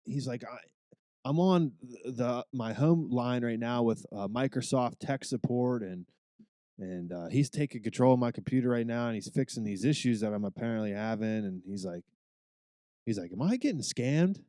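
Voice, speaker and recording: Man, mellow mid voice, dry sound, casual swearing podcast chat. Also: medium pitch, normal speed, no room sound. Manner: loose, swears, agreeable. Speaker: podcast co-host.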